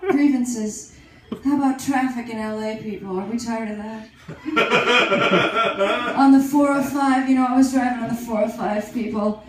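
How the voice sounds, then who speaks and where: A woman's voice: fairly high pitch, measured pace, background noise, lightly acted. A woman doing a rambling, vain aging star. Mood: brassy. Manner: rambling, brassy, self-aggrandizing, crude. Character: aging vain female celebrity, self-dramatizing and crude. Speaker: comedy show host persona. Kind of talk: stand-up character comedy. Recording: very echoey live room.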